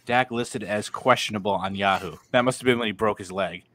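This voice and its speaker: A man co-hosting a podcast in casual chat, loud and excitable, laughing and swearing often. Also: lowish voice, fairly quick. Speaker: podcast co-host.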